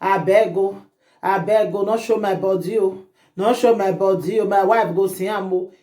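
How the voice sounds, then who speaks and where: A woman's voice: mid-range voice, steady tone, moderate pace, warm tone, voice pushed down, natural voice. A woman voicing a frightened male pastor who begs over and over, speaking with a Nigerian Pidgin accent. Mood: begging. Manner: pleading, repeating "abeg o". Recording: roomy echo.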